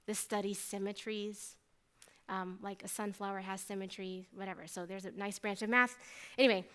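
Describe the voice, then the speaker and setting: Speaking at a normal speed in a medium-pitched voice, a woman in her thirties who works as a mathematician shares her faith testimony. She's animated and chatty, wandering into plenty of asides.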